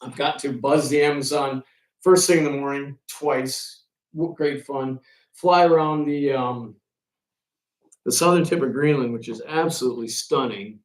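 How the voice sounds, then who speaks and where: A ferry pilot and author gives a storytelling talk to an audience, telling animated anecdotes and acting out the exchanges he quotes. His voice is medium-pitched and measured, recorded from a distance in an echoey room.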